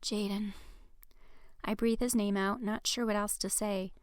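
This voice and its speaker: A woman author reading her own novel aloud as first-person audiobook narration, in an even, earnest way. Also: medium pitch, moderate pace, smooth, dry recording, clean studio sound.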